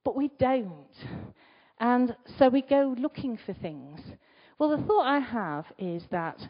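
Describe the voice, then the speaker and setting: A woman giving a conversational sermon, asking the congregation rhetorical questions and moving between loud emphasis and quiet asides. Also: a little high, lively intonation, slow, husky. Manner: chatty, asks the listeners rhetorical questions. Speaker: preacher. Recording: slightly dull recording.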